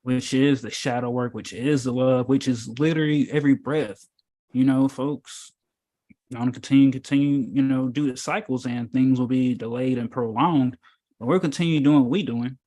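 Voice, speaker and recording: A man's voice: medium pitch, fairly even intonation, moderate pace, warm tone. Casual preachy man, rambling and emphatic. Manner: emphatic, rambling, with many fillers and rhetorical questions. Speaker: spiritual teacher in an informal meetup.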